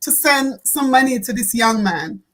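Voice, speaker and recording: A woman hosting an online talk show, speaking earnestly and warmly, repeating words and laughing often. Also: on the high side, lively intonation, normal speed, low-quality recording. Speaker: host.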